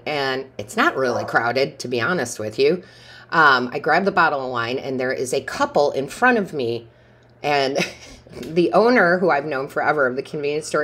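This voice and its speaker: A woman with a notably deep, low-pitched voice gives a casual tarot reading. She talks in a rambling, chatty way and often laughs. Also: slightly rough. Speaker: tarot reader.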